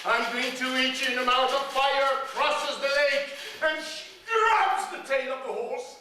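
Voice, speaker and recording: A man telling a folk tale on stage in a high-pitched voice, swinging into rhythmic, chanting repetitions. He sounds far from the mic in a booming, echoey theater. Live music plays along. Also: a little slow, sharp tone, slight background noise. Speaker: storyteller. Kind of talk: live storytelling performance.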